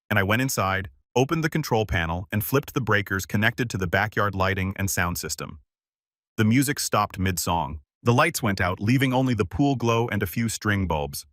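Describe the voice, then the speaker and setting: A man giving a steady, measured first-person narration of a scripted story. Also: lowish voice, no echo, studio quality.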